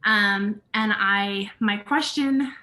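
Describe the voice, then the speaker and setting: A woman joins a live session over a video call and shares in an earnest, halting way. Her voice is bright and forward in tone, and her pitch sits in a middle range. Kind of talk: casual sharing on a video call.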